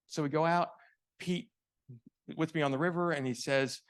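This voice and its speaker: A man's voice: fairly high pitch, fairly even intonation, moderate pace, smooth. A man giving a live business talk to an audience, telling stories and asking rhetorical questions. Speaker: sales consultant giving a keynote. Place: event venue before an audience.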